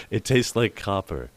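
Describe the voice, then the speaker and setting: A man running a tabletop game as dungeon master, chatty and quick with asides, often laughing. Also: on the low side, husky. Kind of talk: narrating a tabletop game on a livestream.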